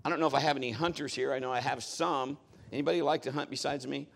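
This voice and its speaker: A man's voice: medium pitch, fairly even intonation, fast, gravelly, fairly bright tone. A middle-aged man preaching a sermon as a pastor, talking in a conversational, folksy way with joking asides.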